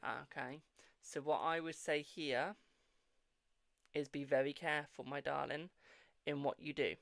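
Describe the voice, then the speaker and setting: This British tarot reader on a live stream speaks at a measured pace in a fairly high, gravelly voice with a fairly bright tone and fairly even intonation. He's affectionate, repeats himself, and keeps calling viewers "my darling" and "boo."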